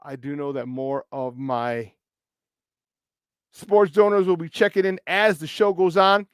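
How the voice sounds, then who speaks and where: A man hosting a morning sports talk show from a studio, hyped and playful as he shouts out listeners in the chat. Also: a little high, a little slow, smooth, no echo. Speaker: sports talk radio host.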